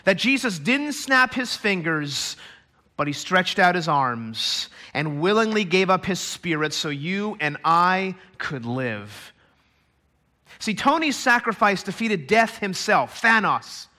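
A man preaching a sermon to a church congregation, emphatic and building to loud climaxes. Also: high-pitched, very animated, slow. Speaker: pastor. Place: church stage.

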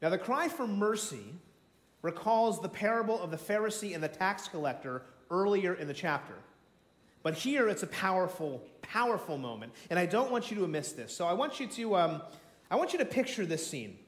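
Male pastor, high voice, theatrical storyteller, echoey sanctuary sound. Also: sing-song, normal speed. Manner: dramatic storytelling, acts out voices, swings from shouts to near whispers. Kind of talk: sermon. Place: church sanctuary. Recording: echoey church room.

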